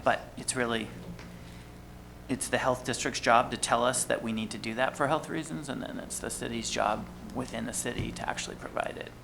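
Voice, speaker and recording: Gravelly man adding remarks at a meeting. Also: medium pitch, steady tone, brisk. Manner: informal, adding on with ums. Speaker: board member. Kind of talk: comments at a public board meeting. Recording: meeting recording with background noise.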